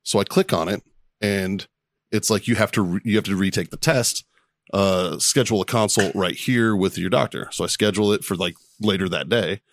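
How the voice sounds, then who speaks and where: This podcast host's voice sits on the low side and keeps a moderate pace, recorded cleanly in a studio with no echo. Relaxed and animated, he spins a story packed with laughter and plenty of cursing.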